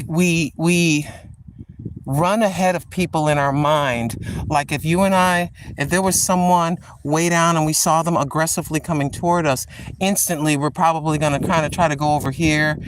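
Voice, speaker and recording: A woman's voice: sits low, slight background noise. An older woman hosting a vlog, chatting and joking outdoors in a riverside park. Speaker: vlog host. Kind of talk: casual chat on a walk.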